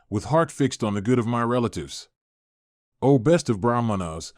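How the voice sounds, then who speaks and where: A man's voice: mid-range voice, a little mellow, no room sound, clean studio sound, natural voice. A man voicing a fearful, devoted wife in an audiobook, pleading in formal archaic speech.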